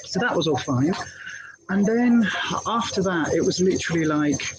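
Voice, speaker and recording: A middle-aged woman, casually telling a candid story live from her hospital bed, halting often with fillers and restarts. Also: on the low side, animated, noisy background. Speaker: health vlogger.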